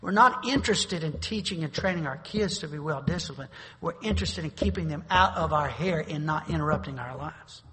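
A middle-aged man preaches in a high, bright voice, telling homespun stories and then pressing his point hard. His words ring out with a long reverb, as in a church hall. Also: lively intonation, a little fast. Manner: folksy storytelling, with bursts of forceful preaching. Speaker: pastor. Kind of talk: sermon. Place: church sanctuary.

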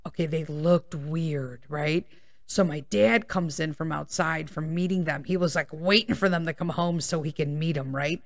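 A podcast host from the Chicago area speaks in a low voice at a moderate pace. She tells a personal story casually, rambling off on tangents, swearing a lot, and checking in with "okay?" and "right?"

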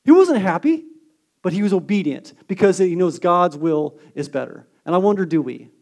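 A male pastor delivering a sermon in a high, light voice. He talks earnestly, stressing his key points with force and then sinking to a soft, hushed delivery. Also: lively intonation, moderate pace. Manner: earnest preaching, swings from emphatic to hushed.

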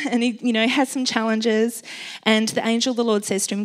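A woman's voice: a little high, steady tone, brisk. A woman giving an informal, encouraging sermon to a gathered group, chatty and full of ums and light laughs. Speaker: speaker sharing a Bible message.

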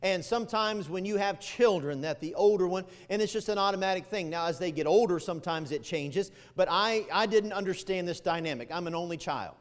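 Middle-aged male pastor, fairly high voice, animated sermon delivery, reverberant church hall. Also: fairly quick, hardly any pauses. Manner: animated storytelling, rises to loud emphatic peaks then drops low.

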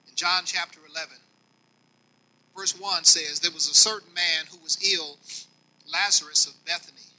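Pastor guy preaching, pretty high voice, very bright, gets soft then loud, chats right at the congregation. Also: poor audio. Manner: folksy, talks directly to the congregation. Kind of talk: sermon.

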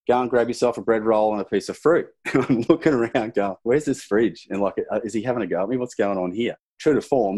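A man's voice: fairly low pitch, slightly rough. Laid-back Australian man telling his story. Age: middle-aged. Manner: relaxed, rambling, sprinkled with "you know" and "sort of". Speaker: guest, former soldier. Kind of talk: casual interview storytelling.

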